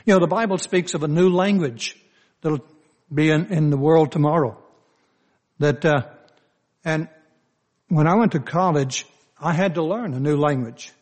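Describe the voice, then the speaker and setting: Folksy older Southern preacher. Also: male voice, a little high, a little mellow. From Southern United States. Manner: slow, folksy storytelling with frequent "you know, uh" fillers. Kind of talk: sermon.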